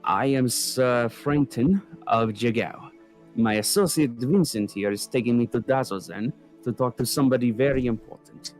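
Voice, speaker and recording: A man's voice: medium pitch, moderate pace, close to an everyday voice. A man playing a pompous noble lord. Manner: haughty, scolding. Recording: faint music behind.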